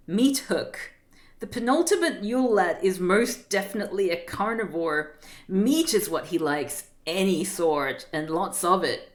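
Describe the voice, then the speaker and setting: A woman streamer reading a book aloud on a live stream, breaking off with giggling asides and stumbling over unfamiliar words. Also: lowish voice.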